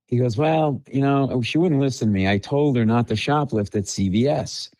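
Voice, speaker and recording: A man's voice: mid-range voice, normal speed, dry recording, low-quality recording. A man, a comedian, telling stories on a podcast and acting out the dialogue in them. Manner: animated storyteller, acts out dialogue. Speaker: comedian guest. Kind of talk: storytelling podcast chat.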